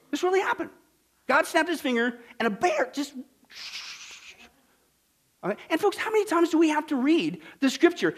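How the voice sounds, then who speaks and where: Man, very high voice, pastor, animated sermon, folksy asides. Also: normal speed.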